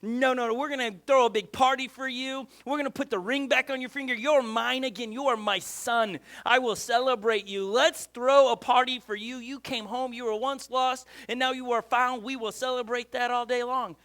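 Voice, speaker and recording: An overjoyed father, as a preacher puts him on, calling out in a high, bright, forceful voice. He insists again and again on celebrating his son's return. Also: steady tone, moderate pace, hardly any pauses. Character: joyful father welcoming home his son.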